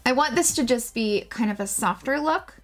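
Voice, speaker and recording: A woman's voice: a little high, lively intonation, moderate pace, faint music behind. Gushing, chatty woman beauty vlogger. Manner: chatty and gushing, jokes at herself; casual swearing. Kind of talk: casual makeup tutorial.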